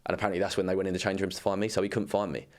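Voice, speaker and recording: A man's voice: sits low, level tone, rapid-fire. A young man telling rambling football anecdotes in casual chat, swearing freely. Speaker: former footballer guest.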